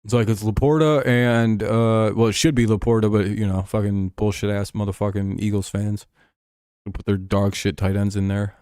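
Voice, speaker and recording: A man's voice: fairly low pitch, flat delivery, normal speed, darkish tone, smooth, no echo, clean studio sound. A young man hosting a casual livestream while watching football, joking, swearing and laughing often. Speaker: livestream host. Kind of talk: casual livestream chat over a football game.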